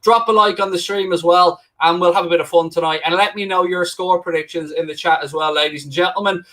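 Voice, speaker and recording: A man's voice: sits high, steady tone, fast talker, pushed and bright. An Irish man hosting a live football watchalong, chatting directly to viewers. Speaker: stream host.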